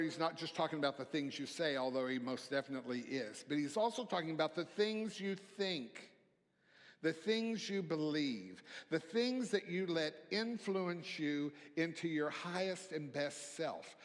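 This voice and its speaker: Slow, soft-spoken man preaching in a hall. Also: a little high. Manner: slow, reflective, drops to soft near-whispers on key phrases. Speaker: minister. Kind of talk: sermon. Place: church sanctuary. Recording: long hall reverb.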